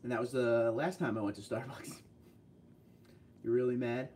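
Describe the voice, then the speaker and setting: A man hosting a casual livestream, chatting with viewers and telling rambling stories with quick asides. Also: mid-range voice, fairly even intonation, darkish tone, far from the mic. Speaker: livestream host reading viewer chat.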